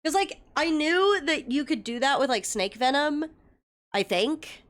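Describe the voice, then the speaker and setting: A woman's voice: high voice, sing-song, unhurried, fairly bright tone. A young woman chatting casually with her viewers as a livestreamer, telling stories and swearing freely. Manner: chatty storytelling with frequent swearing; greets viewers by name.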